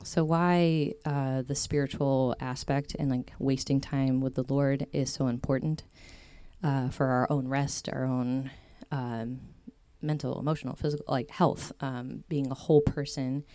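Low-voiced woman giving a chatty faith talk. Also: steady tone, measured pace, mellow, no echo. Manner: chatty, many fillers and tangents. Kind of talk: casual faith talk to a group.

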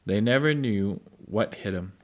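A man reading as steady pioneer father. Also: fairly low pitch. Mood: reassuring. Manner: steady, measured, plainly read. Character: pioneer father, calm, firm, caring.

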